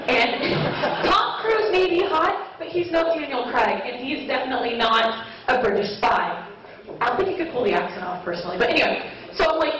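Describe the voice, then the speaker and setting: On a comedy club stage, a woman with a high, lively voice performs a stand-up set at a moderate pace, chatty and self-mocking, laughing at her own jokes. The club is echoey, the mic sounds distant, and the audience and crowd noise can be heard.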